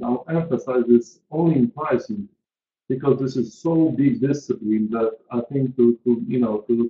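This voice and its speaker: Guy in his 40s, earnest webinar talk, roomy echo, kinda muffled call audio. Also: mid-range voice. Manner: earnest, emphatic, repeats key points. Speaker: pricing consultant presenting a webinar. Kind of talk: online presentation to an audience.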